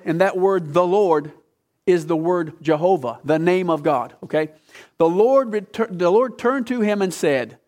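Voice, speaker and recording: A man preaching a sermon, earnest, quoting scripture in a raised voice and dropping low to press a point. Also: darkish tone. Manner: earnest, voice climbing high when quoting, dropping low to drive points home. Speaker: pastor.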